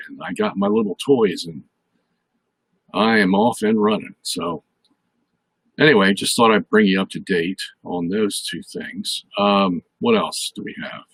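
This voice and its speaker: Older man, husky voice, dry close sound, casual rambling live-stream host. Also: on the low side, animated, a little slow, a bit bright, no echo, low-quality recording. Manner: rambling, many fillers and restarts. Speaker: host of a live question show.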